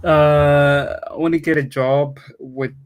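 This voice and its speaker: A young man with a Swedish accent, his voice set a touch high. He speaks bluntly, stumbling and restarting as he goes. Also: fairly even intonation, smooth. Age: young adult. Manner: halting, restarts often, blunt. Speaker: guest, student. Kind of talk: casual chat.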